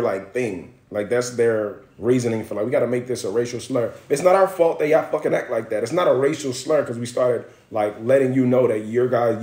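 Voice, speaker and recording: A young man from Miami hosting a livestream, telling stories in a blunt, profane, animated way. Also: mid-range voice. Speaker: livestream host. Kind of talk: casual livestream storytelling. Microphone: phone livestream. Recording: roomy echo.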